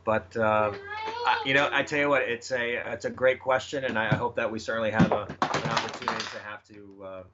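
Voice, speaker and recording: A man's voice: on the low side, fairly even intonation, a little fast. A man answering interview questions about his children's book, hesitant, with many fillers and restarts. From United States. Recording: slightly muffled with faint noise.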